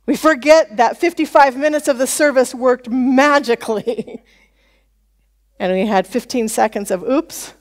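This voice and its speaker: High-voiced woman pastor, lively conversational sermon delivery. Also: a little slow. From United States. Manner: conversational preaching, animated quoted voices. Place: church.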